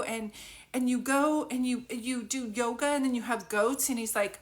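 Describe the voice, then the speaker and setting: A woman's voice: on the high side, fairly even intonation, normal speed. A woman doing a psychic reading live, rambling and thinking aloud, often breaking into giggles, talking into a phone. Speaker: psychic medium. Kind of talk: live reading, casual chat.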